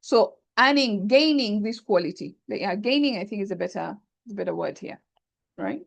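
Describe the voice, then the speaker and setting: A woman's voice: mid-range voice, animated, moderate pace, creaky. A woman teaching Arabic grammar in an online class, thinking aloud and often checking that students follow. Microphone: video call.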